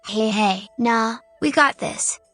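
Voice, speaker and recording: A woman voicing a cocky, joking female adventurer with a muffled rasp, speaking in a breezy, teasing way. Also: a little high, takes it slowly, fairly bright tone, no echo, soft background music.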